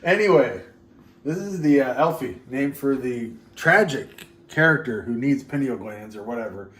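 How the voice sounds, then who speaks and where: A man's voice: medium pitch, animated, normal speed, fairly bright tone, reverberant. A man co-hosting a casual show, joking and rambling while he mixes a drink, now and then singing in a silly way. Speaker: co-host mixing a drink. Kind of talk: casual chat.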